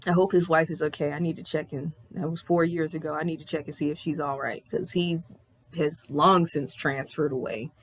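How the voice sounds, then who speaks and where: A woman in her thirties telling a personal story on her vlog in a candid, animated way, swearing freely. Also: sits low, fairly quick. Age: 30s. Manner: candid, profane, animated retelling. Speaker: vlogger.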